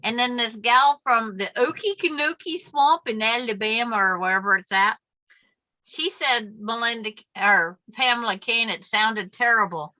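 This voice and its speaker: An older woman hosting a craft video talks over a muffled video call in a slightly high, bright, forceful voice at normal speed. Chatty and quick to laugh, she tells stories as she works.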